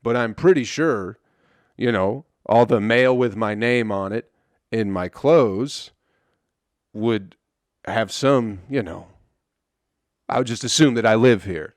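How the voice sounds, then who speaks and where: A man's voice: lowish voice, slow pace, pauses often, dry recording, clean studio sound. Profane, laid-back young man telling stories. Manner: loose, profane storytelling with a friendly banter tone. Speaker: podcast host. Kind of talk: casual solo comedy podcast monologue.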